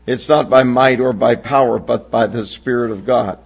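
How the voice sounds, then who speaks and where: A man's voice: medium pitch, fairly even intonation, moderate pace, gravelly, husky, muffled recording. A pastor in his sixties from Pennsylvania, preaching a sermon with folksy, humorous storytelling. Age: 60s.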